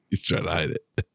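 A man's voice: no echo, clean studio sound. A man co-hosting a podcast in casual banter, joking and rambling with lots of restarts. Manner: joking, rambling, self-interrupting. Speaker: podcast co-host.

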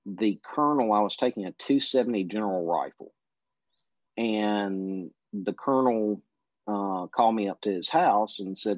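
Male interview guest recounting a story in a laid-back anecdotal way, slightly low voice, dull lo-fi sound. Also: moderate pace, no room sound. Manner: relaxed anecdotal, briefly mimicking the people he quotes. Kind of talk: casual storytelling. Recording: dull lo-fi recording.

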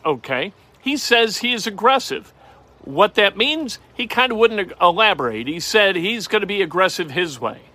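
A man's voice: high voice, pushed and bright, no echo. A middle-aged man hosting a sports talk show, talking casually and rambling wryly through football news with jokey asides. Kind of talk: casual sports commentary monologue.

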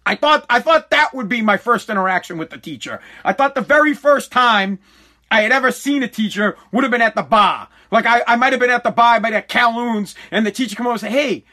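A middle-aged man hosting a podcast, delivering an animated, mock-pompous comedic rant full of swearing. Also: very high-pitched, quick pace. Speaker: podcast host.

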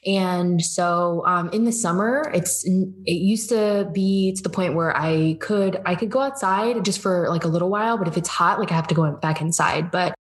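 A woman's voice: lowish voice, normal speed, few pauses. A woman in her twenties from Georgia, USA, chatting casually as a podcast guest, laughing often and acting out her own quotes. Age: 20s. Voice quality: animated, laughs often, quotes herself in lively voices. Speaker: guest, business coach. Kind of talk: casual interview chat.

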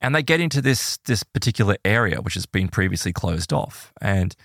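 Low-voiced man telling an animated story. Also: brisk, vocal fry, dry recording, clean studio sound. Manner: animated, filler-heavy retelling with many "like"s and "right?"s. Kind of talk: casual storytelling.

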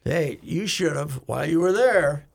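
A man's voice: a little high, expressive, normal speed. A man co-hosting a casual talk show, telling rambling stories with many halts and fillers. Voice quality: gravelly and husky. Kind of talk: casual chat.

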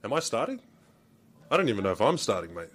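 Deep-voiced laid-back New Zealand man. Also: very animated, fast talker, fairly bright tone. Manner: laid-back, swears, calls people mate. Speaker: basketball player. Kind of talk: press conference answers.

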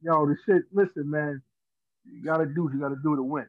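A man's voice: fairly high pitch, a little fast, no echo. A man telling a funny story in casual slang, laughing at his own tale. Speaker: podcast guest. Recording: dry tinny phone-like sound.

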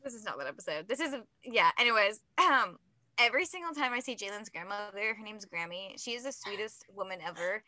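A woman's voice: mid-range voice, expressive, fairly quick, bright, forceful tone. A young adult woman co-hosting a book podcast, talking in a rambling, giggly, self-mocking way. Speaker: podcast co-host. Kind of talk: casual chat.

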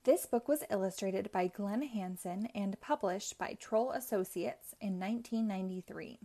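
A woman hosting a read-aloud show, narrating a children's chapter book in a clear, even way. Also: medium pitch, normal speed. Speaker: host.

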